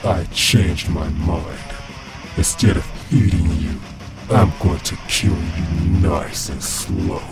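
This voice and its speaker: A very deep, slow-talking monster , played by a man, in a storybook reading. It speaks with cold, unhurried menace, with music playing behind. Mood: menacing. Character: calm menacing male monster predator.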